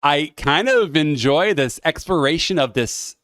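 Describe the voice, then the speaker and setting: A man's voice: a little high, lively intonation, measured pace, fairly bright tone, no echo, clean studio sound. A man with an American accent giving casual, rambling commentary on a game he is playing. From United States. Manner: chatty, rambling, lots of "like". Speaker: let's-play host.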